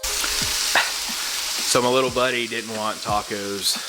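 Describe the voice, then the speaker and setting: A man's voice: medium pitch, steady tone, slow, heavy background noise. A man, chatting casually as a vlogger while cooking in his home kitchen, laid-back and rambling. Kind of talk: casual vlog chat.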